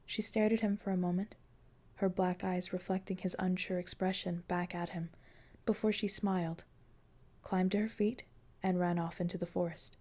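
A woman reading scripted fiction as an audiobook narrator, with calm, even storytelling. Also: fairly low pitch, moderate pace.

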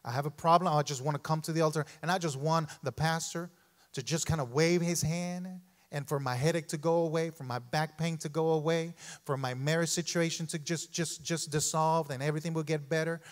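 A man preaching a sermon in a church, animated and calling out to the congregation, often repeating himself. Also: on the high side, brisk. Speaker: pastor. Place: church sanctuary.

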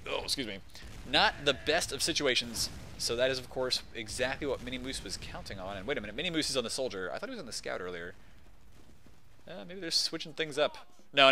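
A man shoutcasting a competitive video game match, excitable and casual, rambling between calls. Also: medium pitch, a little hiss or hum. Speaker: esports shoutcaster. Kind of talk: play-by-play game commentary.

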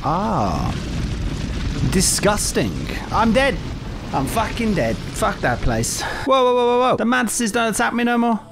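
A man giving foul-mouthed, excitable let's-play commentary over a video game. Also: high-pitched, unhurried, creaky. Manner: profane, excitable reactions. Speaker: gaming YouTuber. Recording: game music playing loudly underneath.

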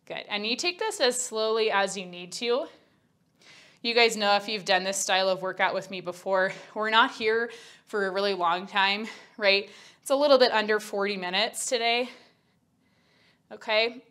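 A young female Pilates instructor leads a workout at a normal speed, her medium-pitched voice pushed and bright. She's out of breath but chatty and candid, counting reps and talking through each move.

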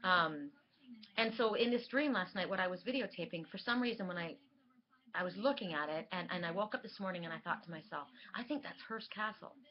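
A woman's voice: fairly low pitch, a little fast, dull audio. A woman vlogger talking earnestly and rambling, with many fillers and restarts, recorded at home. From Southern California. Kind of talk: casual spiritual vlog talk.

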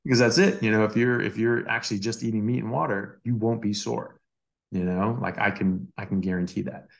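A man with a deep, gravelly voice tells a personal story in a relaxed, conversational way. He often restarts his sentences and fills the gaps with "you know" and "like." He sounds like a doctor chatting on a podcast. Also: a little fast. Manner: animated anecdotes with many fillers and restarts. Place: Australia.

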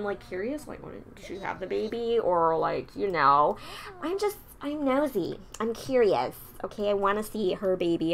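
A young woman casually commenting while playing a life-simulation game, chatting along and scolding her characters in exasperation. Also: mid-range voice. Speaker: gameplay streamer.

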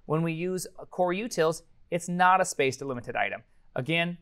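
A man teaching a programming course, live-coding while thinking aloud, energetic and prone to sudden excited exclamations. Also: a little high, moderate pace.

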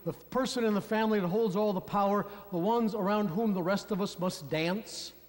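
A man's voice: high-pitched, normal speed. A man preaching a sermon as a pastor, telling a story and speaking directly to his congregation. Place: church sanctuary. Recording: long church reverb.

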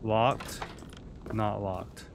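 Excitable swearing gaming streamer, man. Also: lowish voice, drawn-out words, creaky, heavy background noise. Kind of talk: let's-play commentary.

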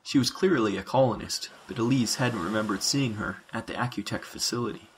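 A man narrating science fiction in a measured, dramatic reading. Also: on the low side, slight background noise, poor audio.

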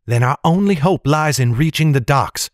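A man's voice: on the high side, lively intonation, moderate pace, dry recording, studio quality, voice pushed up, lightly acted. Bold young heroine, commanding and urgent, lifted voice, storybook reading, a man putting it on. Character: bold young woman fighter, decisive leader.

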